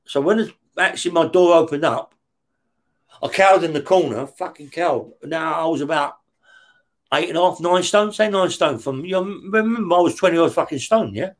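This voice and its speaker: A man's voice: on the high side, moderate pace. A man from West London with a London accent, a guest in an interview, telling his story in casual talk, swearing often and checking in with "yeah?". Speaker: interview guest, former prisoner.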